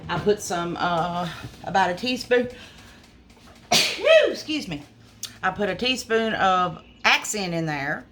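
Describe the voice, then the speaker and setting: A woman's voice: mid-range voice, sing-song, slow, pauses often, fairly bright tone, a little hiss or hum. A woman, chatting casually to viewers as she cooks in a restaurant kitchen, filmed on a phone camera. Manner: homey, chatty, addresses viewers as y'all. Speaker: small restaurant cook. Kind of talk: casual cooking video.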